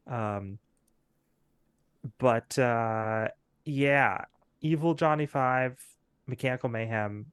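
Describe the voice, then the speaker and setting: Man, game master, tabletop game, rambling, filler words, mid pitch, dry sound. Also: no echo. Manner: rambling, many fillers, laughs often.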